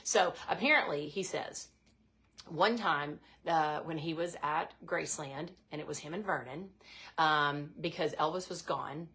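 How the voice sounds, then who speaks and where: Casting: lower-voiced woman, chatty co-host, lots of "like" and "um". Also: a little slow, bright, forceful tone. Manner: chatty, many fillers and "like"s. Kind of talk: casual storytelling chat.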